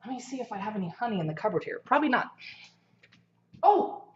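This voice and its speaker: A woman's voice: medium pitch, sing-song, quick pace, darkish tone. A woman hosting a casual cooking livestream from her home kitchen, chatting to viewers as she cooks and eats. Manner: chatty, talks while eating and cooking. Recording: echoey kitchen, slightly dull sound.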